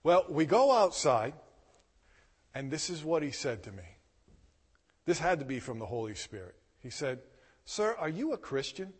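A man preaching a sermon, telling a personal story with emphatic, animated delivery and loud bursts. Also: medium pitch, normal speed, pauses often, breathy edge, big-room sound. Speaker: pastor.

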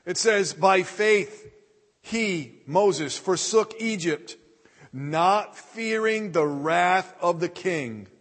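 Male pastor, high register, slow deliberate sermon delivery, echoing hall reverb. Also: lively intonation, fairly bright tone. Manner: deliberate preaching, reading scripture aloud.

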